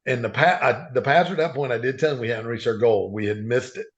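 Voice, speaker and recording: A man speaks as a podcast guest, telling earnest stories in a rambling, casual way and restarting often. His voice is medium-pitched and fast, captured with a dull lo-fi sound.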